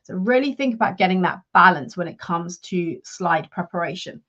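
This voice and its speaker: A woman working as a leadership and career coach, giving a measured, instructive talk straight to her live viewers. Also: on the low side, lively intonation, a bit bright, muffled recording.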